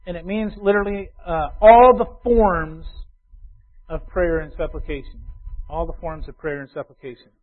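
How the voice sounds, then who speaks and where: High-voiced pastor on a tinny line. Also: male voice, fairly even intonation, normal speed. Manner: emphatic and repetitive, swinging from loud urging to quiet asides. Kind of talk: sermon. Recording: tinny phone-like sound.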